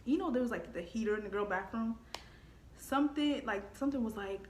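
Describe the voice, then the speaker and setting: A young adult woman telling a casual storytime in an animated way, laughing often and acting out the quotes. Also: on the high side, brisk, a little hiss or hum. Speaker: vlogger. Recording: echoey room.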